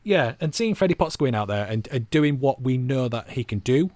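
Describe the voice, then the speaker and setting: A man's voice: mid-range voice, expressive, moderate pace, darkish tone, no room sound. A man co-hosting a football podcast, chatting casually and rambling with self-mocking asides. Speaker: podcast co-host.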